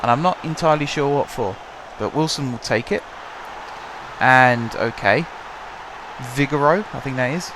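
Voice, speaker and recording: A young man, hoarse from shouting, talks through his football management game in a chatty, wry play-by-play. His pitch sits in an ordinary middle range. A faint noise hums under the desk-mic recording. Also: moderate pace. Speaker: gaming channel host. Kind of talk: casual let's-play commentary.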